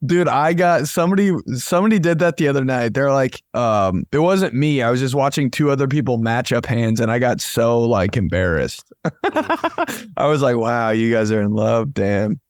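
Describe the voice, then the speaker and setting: A man's voice: medium pitch, sing-song, normal speed, no room sound. Young man, podcast co-host, casual rambling chat, laughs a lot, dry close mic. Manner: rambling, laughs a lot, says bro and dude. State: sick with phlegm. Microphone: headphones with podcast mic on a video call.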